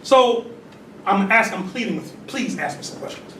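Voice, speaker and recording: A man's voice: high voice, lively intonation, brisk, a bit bright. A man giving a call-and-response religious talk, conversational and full of "right?" tag questions. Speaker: temple leader giving a talk. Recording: echoey distant room recording with noise.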